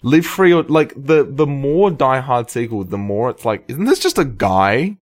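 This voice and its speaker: A man's voice: mid-range voice, sing-song, a little slow, no echo, studio quality. A man co-hosting a casual film podcast, speaking thoughtfully with lots of ums and restarts. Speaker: podcast co-host.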